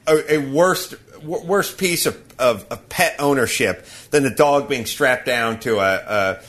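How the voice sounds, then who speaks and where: A man's voice: medium pitch, unhurried, fairly bright tone. A man hosting a podcast, ranting and laughing through a casual comic story. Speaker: podcast host.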